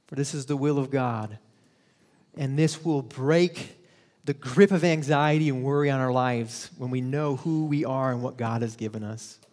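A man's voice: mid-range voice, normal speed, darkish tone, in a large hall. A male pastor preaching a conversational sermon, telling stories and laughing at himself.

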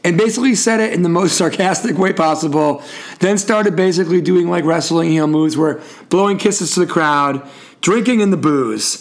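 A man's voice: on the high side, moderate pace. A man hosting a sports talk show, telling the story in a wry, playful way and tossing to his co-host. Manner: storytelling, wry, full of wrestling references. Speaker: podcast host. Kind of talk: casual sports chat.

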